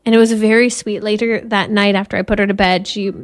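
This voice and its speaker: A woman's voice: medium pitch, level tone, fast talker. A woman in her thirties, a Catholic mother hosting a faith talk, telling family stories earnestly and laughing now and then. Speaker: Catholic podcast host and mother.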